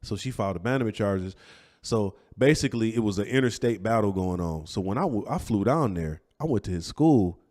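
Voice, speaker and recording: A man telling an animated, slangy personal story as a guest on a podcast interview. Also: on the low side, fairly quick.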